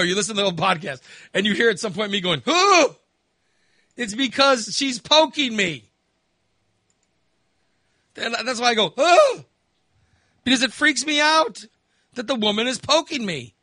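Animated high-voiced man telling stories. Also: brisk, no echo, studio quality. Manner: animated storytelling with laughs and voiced asides. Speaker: podcast host. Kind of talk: casual chat.

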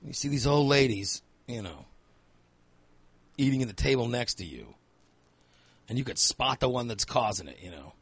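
A man's voice: medium pitch, expressive, moderate pace, pauses often, a bit bright, slightly rough, no echo. A man telling crude comedic stories in casual chat, acting out quoted lines in a raised voice.

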